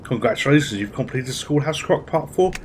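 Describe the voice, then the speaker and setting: The gaming channel host here sounds animated and brisk, his medium-pitched voice carrying a little hiss or hum. He offers chatty, casual commentary while gaming at his PC, musing aloud with little asides.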